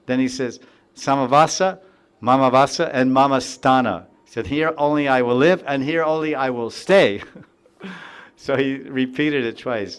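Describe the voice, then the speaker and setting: Man giving a smooth, unhurried devotional lecture. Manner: recites verses, then explains them slowly with repetition; rises in pitch and volume when quoting heartfelt pleas. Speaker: spiritual teacher.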